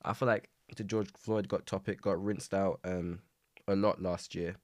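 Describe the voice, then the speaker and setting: A man's voice: sits low, steady tone, moderate pace, darkish tone, dry recording, clean studio sound. A young man from England, hosting a casual solo podcast, rambling and swearing with lots of energy. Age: young adult. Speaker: podcast host. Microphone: podcast microphone.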